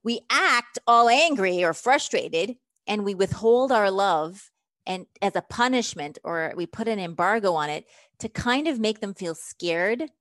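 A woman relationship coach explains her method in an interview, lively and emphatic. She slips into acted-out quoted lines as she talks. Her voice sits at a middle pitch and is recorded dry and close. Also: unhurried, dry recording.

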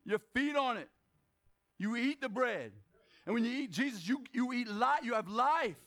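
High-voiced man preaching a lively sermon. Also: moderate pace. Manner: lively preaching with call-and-response questions and joking asides; bursts into shouts for emphasis. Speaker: pastor. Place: church service.

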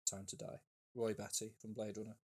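A man's voice: fairly low pitch, flat delivery, brisk, darkish tone, breathy edge. A man co-hosting a casual podcast chat, giving blunt, opinionated takes with fillers and restarts. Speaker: podcast co-host.

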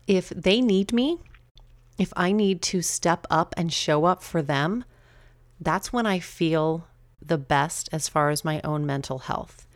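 A middle-aged woman hosting her own podcast, talking casually and chattily with quick asides and laughs at herself. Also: lowish voice, no echo. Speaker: podcast host. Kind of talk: casual solo podcast talk.

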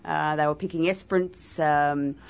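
A woman's voice: low voice, steady tone, normal speed, creaky, clear, resonant tone. An Australian woman sailor chatting casually in a radio interview, with plenty of fillers. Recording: dull lo-fi radio broadcast.

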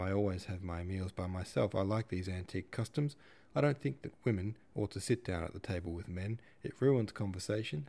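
A man's voice: deep voice, vocal fry, warm tone. A man voicing a flamboyant middle-aged father who talks in a grand, theatrical and opinionated way in an audiobook reading. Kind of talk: audiobook character voice.

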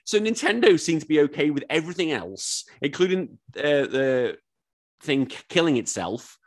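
A man with a Wirral accent talks in an easy, rambling way and keeps jumping into lively quotes. His pitch leaps up whenever he gets excited, and he swears freely as he chats with a friend. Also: normal speed. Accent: Wirral, Merseyside. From England. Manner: animated storytelling, swears often, jumps into excited quotes. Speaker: podcast host. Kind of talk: casual chat.

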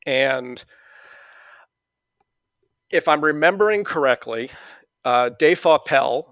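A middle-aged man from New England with a New England accent, a guest calmly telling stories about his past with many fillers and restarts. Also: a little high, slow, dry recording, lo-fi sound. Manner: relaxed storytelling with fillers and restarts. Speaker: interview guest. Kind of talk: conversational reminiscing.

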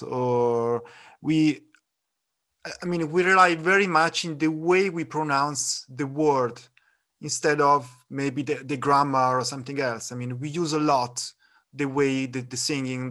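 A man with an Italian accent hosting a podcast, asking questions in a halting way with fillers. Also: mid-range voice, steady tone, a bit bright. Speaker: podcast host. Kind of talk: casual podcast interview.

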